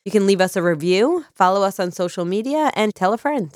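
A woman's voice: mid-range voice, expressive, brisk, a little mellow, no echo, clean studio sound. A woman co-hosting a podcast, sounding a little stuffy, chatting cheerfully and reading out supporter thanks. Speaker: podcast co-host. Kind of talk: casual chat.

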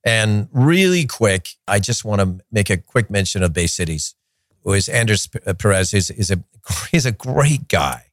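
A man's voice: lowish voice, sing-song, moderate pace, no echo, studio quality. A man hosting a soccer podcast in a chatty, opinionated way, with joking rants. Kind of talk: casual solo commentary.

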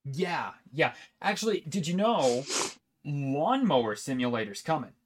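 A man's voice: a little high, very animated, a little slow, a little hiss or hum. Rambling, laughing male gaming podcaster. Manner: rambling, laughing, self-interrupting. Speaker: podcast co-host. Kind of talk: casual gaming chat.

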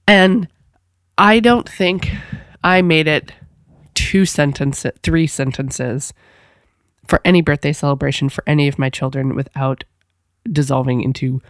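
A woman's voice: takes it slowly, long pauses, no room sound. Woman host, 30s, casual chatty monologue, laughs a lot, dry close sound. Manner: animated, laughing, swoops into high squeals. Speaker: podcast host.

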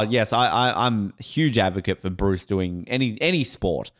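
A man from Australia co-hosting a casual soccer podcast, animated and joking, with quick asides. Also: lowish voice. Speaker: podcast co-host. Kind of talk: casual sports podcast chat.

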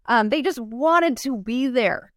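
A woman's voice: a little high, slow pace, no echo, clean studio sound. A woman guest on an interview, chatting casually and acting out stories with frequent laughs. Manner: animated storyteller who acts out quotes and laughs often. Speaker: guest entrepreneur.

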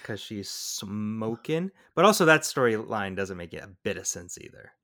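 A man co-hosting a podcast, talking through a movie in a rambling, excitable way. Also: on the low side, normal speed. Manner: rambling, excitable, lots of fillers. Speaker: podcast co-host. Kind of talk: casual movie review chat.

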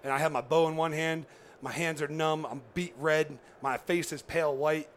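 A man's voice: a little high, moderate pace, a little hiss or hum. A man casually telling a long story as a podcast guest, rambling with lots of "you know" and "right?", and acting out what others said. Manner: animated, acts out quoted dialogue.

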